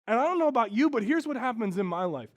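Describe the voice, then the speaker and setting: A man with a high, light voice preaches a sermon as a pastor. He talks earnestly and candidly, dropping to a hush and then rising loud and animated. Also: quick pace.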